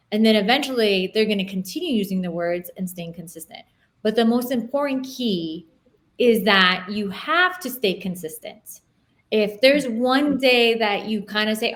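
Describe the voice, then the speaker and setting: A woman who works as a behavior analyst, explaining as a guest in a relaxed, conversational way with fillers. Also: mid-range voice, normal speed. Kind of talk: casual explanatory chat.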